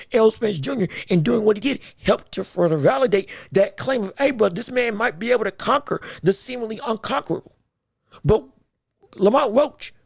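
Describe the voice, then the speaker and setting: A man's voice: very high voice, creaky, breathy edge, dry recording, studio quality. A man hosting a live podcast who talks casually and playfully, often stumbling and restarting his sentences. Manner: animated, stammering restarts, playful. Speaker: podcast host. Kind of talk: casual livestream commentary.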